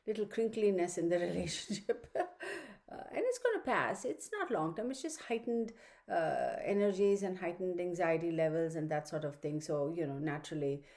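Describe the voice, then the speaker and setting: Woman doing a weekly astrology reading at home, kinda rambly, lots of ums, mellow low-toned voice. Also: lively intonation, normal speed. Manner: chatty, rambling, lots of fillers and asides. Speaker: astrology reader. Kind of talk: casual astrology forecast monologue. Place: home room with her dog. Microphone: computer microphone.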